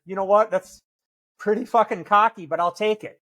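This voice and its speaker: A middle-aged man speaking in a fairly high register, swearing freely as he lectures with tough-love bluntness. His delivery is emphatic and preachy, like a recovering addict who has earned the right to call people out. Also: steady tone, moderate pace, bright, forceful tone. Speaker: podcast guest, author in recovery. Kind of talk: blunt conversational storytelling.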